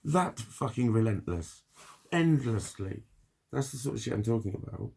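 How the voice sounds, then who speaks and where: A man's voice: mid-range voice, animated, moderate pace, creaky, a little mellow, breathy edge. A man rambling casually in a spoken video diary, swearing often and laughing between thoughts. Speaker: vlogger.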